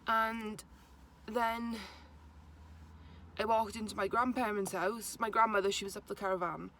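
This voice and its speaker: A young woman, haltingly retelling a personal story to camera, with many restarts. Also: mid-range voice, steady tone, fairly bright tone, slight background noise. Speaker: vlogger.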